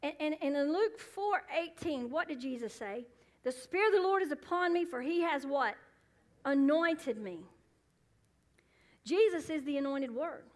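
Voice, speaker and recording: High-voiced woman preaching fervently. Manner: preaching with calls to the congregation, rising to loud fervent peaks. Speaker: pastor. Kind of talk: sermon. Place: church sanctuary.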